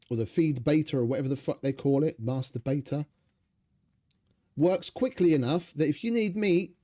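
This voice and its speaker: A man's voice: fairly high pitch, warm tone. A young man giving rambling, sarcastic, swearing commentary over his gameplay. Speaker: gaming channel host.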